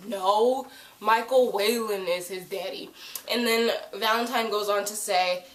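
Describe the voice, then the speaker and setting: A woman gives a casual recap of a TV episode, her voice sitting at a middling pitch. She is chatty and animated and bursts into high, loud voices when she acts out lines. The recording has a roomy echo. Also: measured pace. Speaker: TV episode reviewer.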